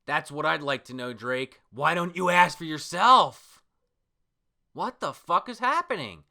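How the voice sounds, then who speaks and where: A man's voice: a little high, expressive, measured pace, creaky, bright, forceful tone, voice pushed up, heavily acted. A man doing a mocking villain commander. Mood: taunting.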